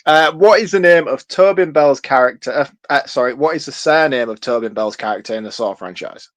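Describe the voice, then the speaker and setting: A young man with a Yorkshire accent, co-hosting a podcast and teasing the others in animated banter. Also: medium pitch, brisk. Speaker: podcast co-host. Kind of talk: casual podcast chat.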